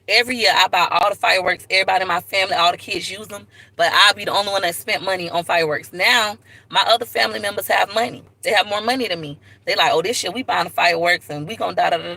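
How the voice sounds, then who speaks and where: A woman's voice: medium pitch, bright, forceful tone, low-quality recording. A woman, talking frankly in a casual livestream and telling stories with a preachy edge. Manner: frank, preachy storytelling with asides. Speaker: vlogger.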